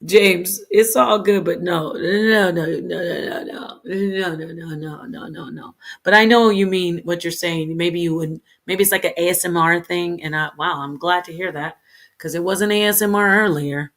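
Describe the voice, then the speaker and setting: A woman's voice: fairly low pitch, moderate pace. A woman hosting a livestream, talking to her chat, correcting herself as she goes and addressing viewers by name. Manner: self-correcting, animated, talks to herself and viewers. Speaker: livestream host. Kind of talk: solo livestream talk to chat.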